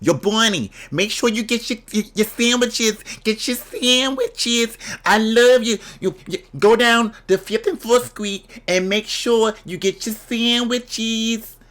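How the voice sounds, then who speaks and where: A man putting on a shrill, doting New York mom. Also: slow pace, few pauses, a bit bright, heavily acted. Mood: doting, nagging. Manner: high shrill nagging calls. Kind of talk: joking impression in a reaction video.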